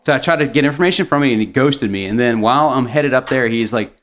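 A man's voice: mid-range voice, fast. Rambling casual storyteller man. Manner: rambling, animated storytelling with frequent swearing and laughs. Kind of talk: casual chat.

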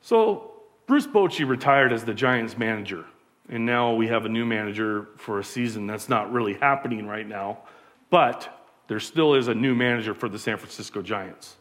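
A pastor, preaching a conversational sermon full of rhetorical questions. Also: male voice, on the low side, animated, normal speed, fairly bright tone.

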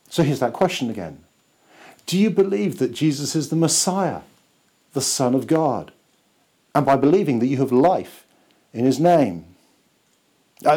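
A man, a church pastor, preaching a sermon slowly and emphatically, with dramatic pauses. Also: mid-range voice, a little mellow.

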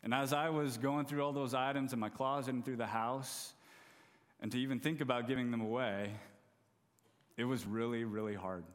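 A man's voice: mid-range voice, steady tone, normal speed. Storytelling preacher man in a reverberant hall. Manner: self-deprecating, humorous storytelling. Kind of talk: storytelling sermon.

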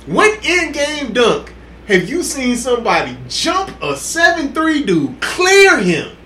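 A man on a podcast, telling excited sports stories in casual chat, acting out quotes and laughing loudly. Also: very high-pitched, slow. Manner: excitable storytelling, loud laughs and acted quotes. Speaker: podcast co-host. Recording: echoey room with faint hiss.

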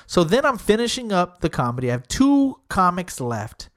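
A man's voice: sits high, brisk. A young man who hosts comedy shows, telling a story in casual chat, swearing a lot and acting out each person's lines. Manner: animated, acts out quoted dialogue with shifting voices; heavy swearing, slangy. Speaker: comedy show host.

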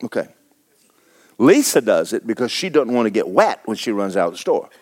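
Joking seventy-year-old preacher. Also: male voice, very animated, brisk, a little mellow. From Florida. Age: 70s. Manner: folksy, joking, jumps high in pitch for emphasis. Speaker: pastor. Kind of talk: sermon.

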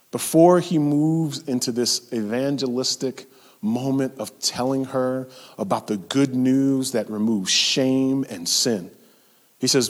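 A man delivers a sermon in a lively, conversational manner, dropping into quick voiced asides and then rising to sudden loud emphasis. His voice sits a little high for a man. The sound carries a long reverb, as if from a large hall. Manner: animated, conversational preaching with playful voiced asides. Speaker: preacher.

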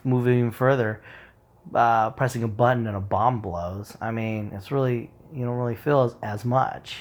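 A man's voice: mid-range voice, vocal fry. A man talking in a loose, rambling monologue, swearing freely and acting out quoted remarks.

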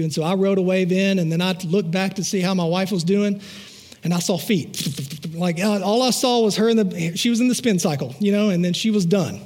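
A man's voice: high voice, expressive, normal speed, a little mellow. A male pastor preaching a sermon, telling personal stories in a chatty way with asides to the congregation and repeated rhetorical phrases. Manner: conversational storytelling with asides to the congregation.

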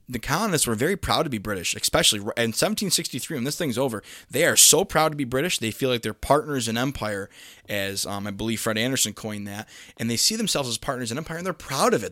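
A man explains history in a relaxed lecture, stumbling over fillers and restarts and then punching key points with emphasis. His voice sits at an ordinary middle pitch. The recording is dry and close, with no room sound. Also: dry recording. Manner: conversational, many fillers and restarts, lively emphasis. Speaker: history teacher. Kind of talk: casual lecture.

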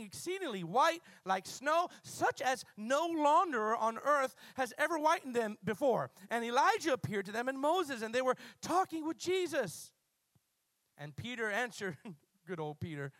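A male pastor preaching a passionate sermon to a congregation, swinging from loud bursts to low quiet asides and having them repeat words. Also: dry recording.

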